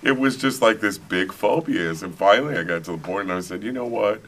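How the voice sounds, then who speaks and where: A middle-aged man telling a travel story in a casual interview, animated and laughing often. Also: low-pitched, fairly quick. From United States. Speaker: author, interview guest. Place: conference venue, indoors.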